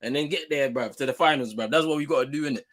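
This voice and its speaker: Bright-voiced British man, teasing banter. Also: medium pitch, quick pace, rough recording. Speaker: co-host. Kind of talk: casual sports debate.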